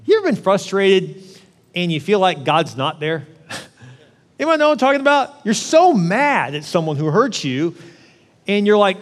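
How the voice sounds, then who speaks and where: A male pastor preaching a conversational sermon, often acting out prayers in a lively voice. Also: high-pitched, moderate pace. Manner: conversational, acts out prayers in an animated voice. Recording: long reverb of a large hall.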